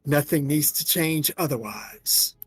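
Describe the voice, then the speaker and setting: A man voicing a scheming villainous male president, speaking very deep, slow and menacing, with faint music behind. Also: breathy edge, no room sound.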